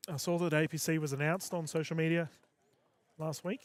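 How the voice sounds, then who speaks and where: Fast-talking man in a commentary booth. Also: fairly high pitch, fairly even intonation. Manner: quick, bantering, teasing. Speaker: sports commentator. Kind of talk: casual booth chat on a broadcast.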